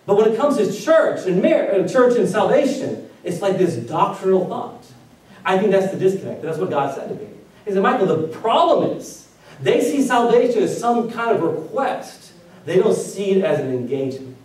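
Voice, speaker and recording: A man's voice: sits high, big pitch swings, normal speed, a little mellow. A man pastor giving a casual, joking sermon, asking the congregation questions as he goes. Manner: conversational, joking with the congregation, asks them questions. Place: church sanctuary. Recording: echoey hall recorded from far off.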